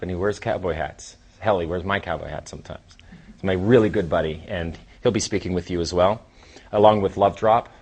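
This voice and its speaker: A man in his thirties giving a casual, rambling seminar talk as a trainer, with sighs and long pauses. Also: deep voice, breathy edge. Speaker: dating coach and trainer.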